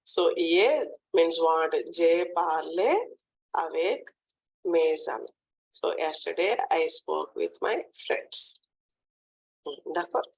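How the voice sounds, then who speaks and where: A woman teaching French in a lesson, drilling phrases slowly and often checking in with "hmm, d'accord". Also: sits low, creaky, rough recording. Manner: slow, repetitive drilling with frequent "hmm, d'accord". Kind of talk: online language lesson.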